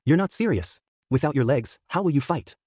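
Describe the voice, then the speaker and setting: A man voicing a frightened, defiant young girl, pitching his voice up as he pleads and protests. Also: animated, brisk, a little mellow, dry recording, clean studio sound.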